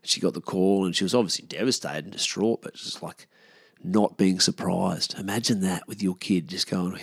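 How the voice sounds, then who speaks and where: A man's voice: low voice, fairly even intonation, moderate pace, gravelly, slightly rough, no room sound, studio quality. A man in his thirties with an Australian accent, telling stories from his past in a casual, laid-back way, swearing freely and often trailing off. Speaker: podcast host. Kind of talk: casual storytelling monologue.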